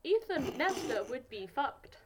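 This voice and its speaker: A woman's voice: sits high, big pitch swings, a little slow, breathy edge. A teenage girl with an English accent co-hosting a podcast over a video call, blunt and teasing, swearing freely. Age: teens. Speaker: podcast co-host. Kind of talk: casual chat.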